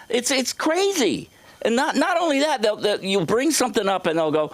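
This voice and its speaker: A man doing a rambling, profane stand-up set on a comedy club stage, jumping into loud high bits. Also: very animated, brisk, no echo. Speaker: stand-up comic.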